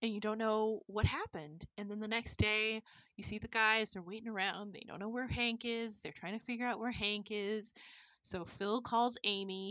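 A woman in casual chat, retelling a film plot in an animated way with lots of fillers. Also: medium pitch, dry recording, poor audio. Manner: animated storytelling, many fillers.

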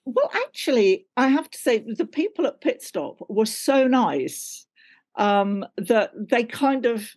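A woman's voice: a little high, sing-song, slow, darkish tone. A woman talking on a video call as a guest actor. She laughs often and is chatty and self-deprecating. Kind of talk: casual interview chat.

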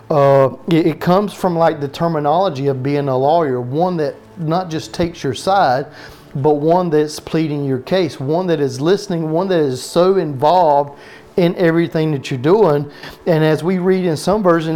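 A man's voice: a little high, darkish tone. Folksy Southern man preaching. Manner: folksy, drawn-out words, asks the room questions. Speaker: pastor. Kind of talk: sermon.

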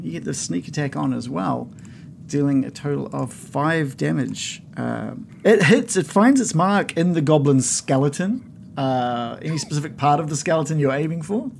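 A man's voice: on the high side, a little slow, vocal fry, a little mellow, a little hiss or hum. A man running a tabletop game as game master, narrating with frequent uhs and ums. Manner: hesitant, lots of uh and um.

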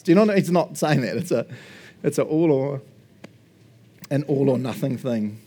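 Laid-back joking pastor preaching. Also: male voice, fairly high pitch, fairly quick, darkish tone. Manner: chatty and jokey, tag questions like "right?" and "eh?"; laughs often, acts out little quoted exchanges. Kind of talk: casual sermon.

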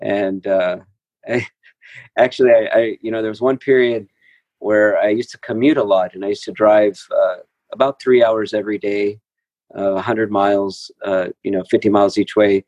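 A man telling his story at a recovery group meeting, halting, with many fillers and restarts. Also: on the low side, steady tone, a little mellow, no room sound. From Texas. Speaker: speaker sharing at a recovery meeting. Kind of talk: personal recovery share. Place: meeting room.

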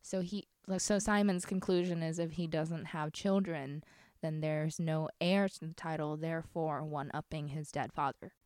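A young woman talks through a book plot as co-host of a casual podcast. Her voice sits a little low, and she bursts into animated, jokey asides. The sound is dry and close, with no room around it. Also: normal speed, smooth, dry recording. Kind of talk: casual chat about a book.

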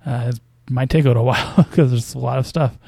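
A man's voice: medium pitch, steady tone, fast, gravelly, warm tone, breathy edge, no room sound. A man casually commenting on basketball news as a podcast host, with a hesitant, wry delivery full of fillers and small chuckles.

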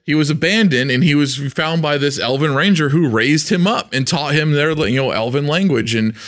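A man's voice: on the high side, a bit bright. Laughing, rambling man. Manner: rambling, laughs often, slips into quick character voices. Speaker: podcast co-host. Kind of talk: casual chat about tabletop game mastering.

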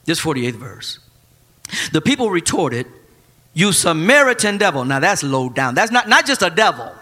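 A man preaching a Sunday sermon, animated and joking, breaking into shouts at the high points. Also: moderate pace, breathy edge. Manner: casual churchy speech with slang. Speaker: pastor.

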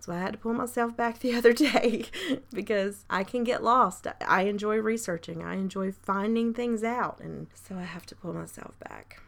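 A woman with a croaky voice hosting a casual solo podcast, chatty and rambling, with frequent light laughs and audible intakes of breath. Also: mid-range voice. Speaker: podcast host.

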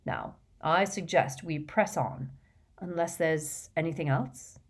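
A woman reading as an old, wise male headmaster, measured and gently stern. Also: low voice, animated, exaggerated voice. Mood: calm. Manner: measured, sharp when pressed.

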